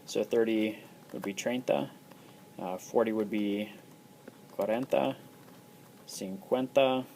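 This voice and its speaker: A man's voice: fairly low pitch, slow, gravelly, dark tone, a little hiss or hum, low-quality recording. A man giving a casual recorded lesson, explaining step by step with many ums and uhs. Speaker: teacher.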